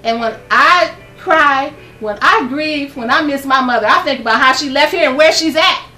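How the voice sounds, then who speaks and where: Older woman, high bright voice, fervent devotional talk, echoey room, distant mic, faint music. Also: normal speed. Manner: fervent, preachy, laughs often. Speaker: host of a gospel program. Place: her home.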